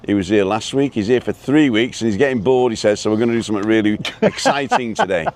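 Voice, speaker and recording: Walking down a street in a seaside town, a man hosts a live show, chatting casually, cracking jokes and reading out viewer names. His mid-range voice is expressive, a little mellow, and he talks fast.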